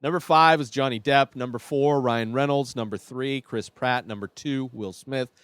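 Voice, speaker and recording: A man's voice: medium pitch, normal speed, a bit bright, clear, resonant tone, no room sound. Blunt rambling male podcast host. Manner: blunt, rambling, opinionated with fillers. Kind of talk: casual opinion monologue.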